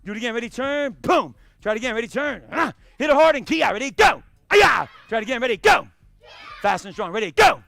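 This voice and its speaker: A man teaching a live karate class, calling out short commands and shouting kiais. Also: very high voice, lively intonation, quick pace, gravelly, hardly any pauses, dry recording, clean studio sound. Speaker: karate instructor. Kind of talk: live martial arts class instruction. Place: karate studio.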